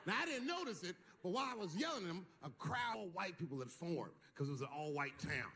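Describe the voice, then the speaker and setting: A man's voice: sits high, big pitch swings, fast, sharp tone. A man performing a stand-up comedy routine on stage, telling a story animatedly and acting out the people in it. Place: stage before a live audience. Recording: live stage recording with audience noise.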